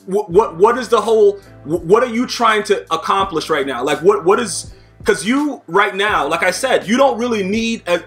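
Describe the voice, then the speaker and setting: A man hosting a casual interview, asking halting questions with many restarts. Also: high voice, expressive, a bit bright, faint music behind. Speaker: host.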